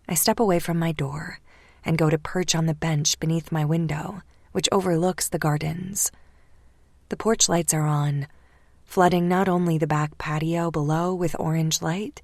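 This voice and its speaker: A woman reading a first-person romance audiobook, hushed and slipping into whispers at tense moments. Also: fairly low pitch, no room sound, studio quality. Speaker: audiobook narrator.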